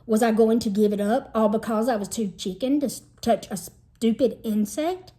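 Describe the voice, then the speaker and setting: A woman, a teacher, reading a children's novel aloud in a lively storytelling manner. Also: on the high side, moderate pace. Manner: lively storytelling, shifts into character voices. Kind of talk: expressive read-aloud narration.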